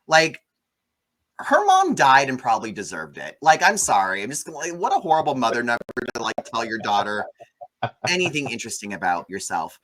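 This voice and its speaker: A man hosting a casual movie review chat, sarcastic and animated, mocking the film with quick impressions. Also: mid-range voice.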